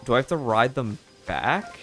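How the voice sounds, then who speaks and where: A man's voice: mid-range voice, very animated, normal speed, fairly bright tone, soft background music. A man casually commenting and chuckling while streaming a video game. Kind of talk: let's play commentary.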